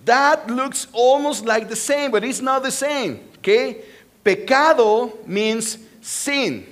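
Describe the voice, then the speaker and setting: A man with a Spanish accent preaching a sermon as a pastor, animated and joking with the congregation. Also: very high voice, takes it slowly.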